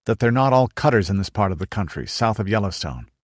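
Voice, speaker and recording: A man's voice: fairly low pitch, expressive, quick pace, no echo, clean studio sound. A man voicing a big, wary male traveler who speaks bluntly and cautiously.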